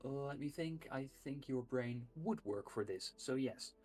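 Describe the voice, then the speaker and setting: Slow, halting game master. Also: mid-range voice, darkish tone, faint music behind. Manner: slow and halting, with many "uh" pauses. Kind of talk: narrating a tabletop game on a livestream.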